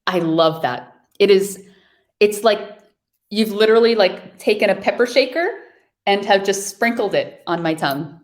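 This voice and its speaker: A woman's voice: mid-range voice, lively intonation, normal speed. A woman from New York hosting a virtual wine tasting over a video call, chatting casually and describing wines with enthusiasm.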